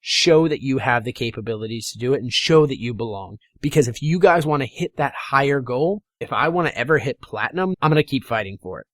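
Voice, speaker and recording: A man's voice: medium pitch, animated, brisk, few pauses, a bit bright, dry recording, studio quality. A young man giving a casual motivational talk to gamers, blunt and fired-up, swearing freely. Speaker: gaming motivation vlogger.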